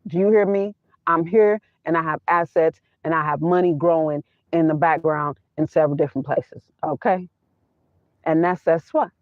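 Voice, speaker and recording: Sitting in her minivan, a woman talks money in a casual vlog, her deep voice steady and moderately paced. Blunt and emphatic, she keeps repeating her points, and the recording sounds dry and tinny, phone-like.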